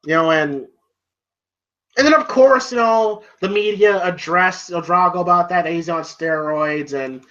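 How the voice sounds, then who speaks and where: A man co-hosting a casual movie review chat. He rambles, fills every pause with "you know" and swears freely. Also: high voice, fairly bright tone. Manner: rambling, heavy on "you know" fillers, profane. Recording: dull lo-fi recording.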